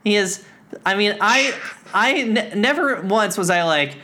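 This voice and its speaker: A podcast co-host in playful, casual chat, with many ums and quick silly voices. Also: medium pitch, pushed and bright.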